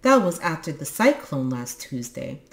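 A woman's voice: deep voice, very animated, normal speed, creaky, heavily acted. A woman voicing a friendly, bashful young boy who keeps a lookout tower in a storybook reading. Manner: eager, bashful, hospitable. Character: shy, friendly red-haired lighthouse boy.

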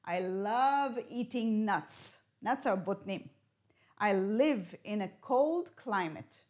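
Woman teaching English slowly. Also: medium pitch, lively intonation, a little mellow. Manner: slow, clear teacher talk with riddles and Hebrew glosses. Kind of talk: broadcast classroom lesson.

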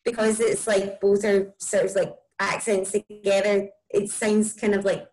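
A woman with a broad Scottish accent, a musician chatting casually and warmly about her music in an interview, with lots of "like" and "um". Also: mid-range voice, level tone, unhurried, poor audio. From Scotland. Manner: chatty, enthusiastic, many likes and ums. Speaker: musician guest.

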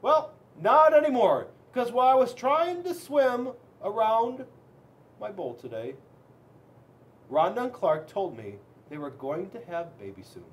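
A man, a school resource officer, reading a children's book aloud in an animated, expressive way. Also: high voice, unhurried.

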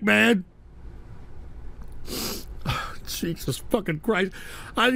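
A man hosting a comedy stream in an exasperated, profane on-air meltdown, swinging between yelling and weary muttering. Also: sits high, creaky.

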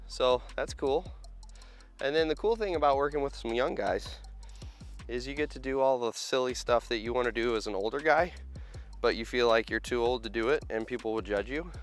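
A man's voice: mid-range voice, moderate pace, soft background music. Tired, chatty construction vlogger man. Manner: chatty, joking, self-deprecating. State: tired after a long hot week. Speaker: heavy equipment operator and vlogger. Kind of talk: casual vlog to camera. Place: outdoor construction site. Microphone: handheld camera.

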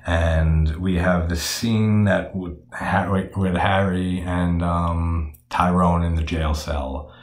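A man's voice: low voice, fairly even intonation, slow, roomy sound. A man talking casually and frankly about a film, swearing freely and using many fillers. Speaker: horror film reviewer.

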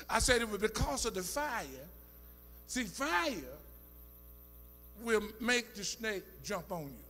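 A male pastor preaching a sermon in rhythmic call-and-response style, rising into shouts and half-sung phrases. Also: high-pitched, very animated, takes it slowly, long pauses, long reverb tail, faint music behind. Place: church sanctuary.

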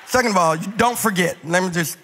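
A male pastor with a speech impediment, preaching an animated, humorous sermon full of stories and talking straight to the congregation. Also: high-pitched, fast talker, in a large hall. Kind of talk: sermon with comic storytelling.

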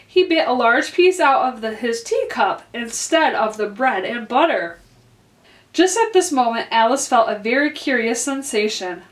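Woman librarian, storytime read-aloud, slightly high voice, echoey room. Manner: clear, expressive read-aloud. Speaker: librarian reading to children. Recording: roomy echo.

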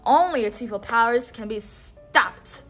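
A woman's voice: fairly high pitch, animated, a little slow, pitched below the performer's own voice. A woman voicing an evil old female witch in a read-along storybook.

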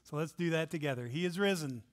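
Male pastor, high voice, animated and jokey sermon delivery with scripture reading. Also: fast talker. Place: church sanctuary.

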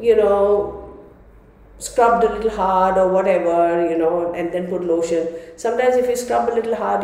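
A woman's voice: medium pitch, dark tone. A woman chatting casually to camera as a tarot vlogger, stuffy and congested from a cold, saying "y'all" often. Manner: chatty, says "y'all" often, laughs between lines. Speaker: tarot reader and psychic vlogger. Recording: echoey room with long reverb.

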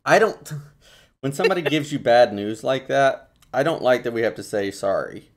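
A man co-hosting a podcast in casual chat, laid-back, sliding into low deadpan quotes. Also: normal speed. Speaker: podcast co-host.

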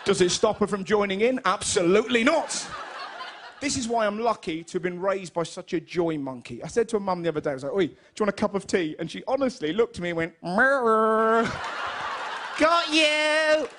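A young man with an English accent doing a lively stand-up comedy routine on stage, telling stories and acting out his mother's lines. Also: sits high, fairly quick, a little hiss or hum. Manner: animated storytelling, puts on his mum's voice in quotes. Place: stage in front of a live audience.

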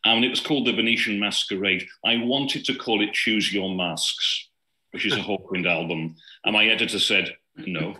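A man's voice: fairly low pitch, normal speed, pushed and bright, poor audio. A man from Wales, a crime novelist on a festival panel, talking casually with wry jokes.

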